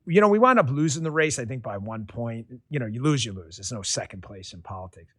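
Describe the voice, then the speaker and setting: A man's voice: medium pitch, fast talker, dry recording. Man hosting a talk show, dry sound. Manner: relaxed, rambling, frequent fillers and restarts. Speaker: podcast host. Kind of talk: conversational interview storytelling.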